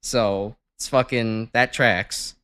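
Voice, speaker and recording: A man's voice: on the low side, fairly even intonation, slow pace, fairly bright tone, smooth. A young man streaming a game from home, chatting casually, rambling and swearing with lots of fillers. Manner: rambling, swears often, many fillers, laughs easily.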